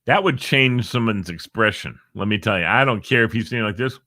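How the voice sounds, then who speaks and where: A man's voice: lowish voice, a little fast, dry recording, studio quality. A man hosting a casual live stream, reading uplifting quotes and joking with viewers by name. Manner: animated, jokey, chats to viewers by name. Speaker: host of a live encouragement stream.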